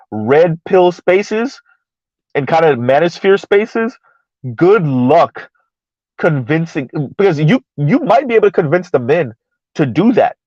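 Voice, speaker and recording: A man's voice: a little high, darkish tone, no echo, muffled recording. A man talking casually and emphatically, firing rhetorical questions and repeating himself. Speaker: podcast host. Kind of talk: casual debate talk.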